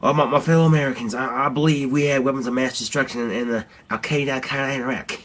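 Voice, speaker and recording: A man's voice: mid-range voice, fairly even intonation, quick pace, a bit bright, natural voice. A man doing a mock impression of a pompous male president making a faltering speech. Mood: mock solemn.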